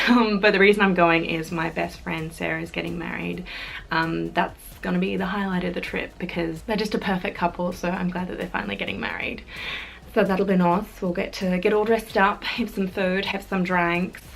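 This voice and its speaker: A woman's voice: fairly low pitch, fairly even intonation, moderate pace, gravelly, a bit bright, slight background noise. A young Australian woman chatting casually to camera in a vlog, bubbly and chatty with fillers and giggles. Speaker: YouTuber.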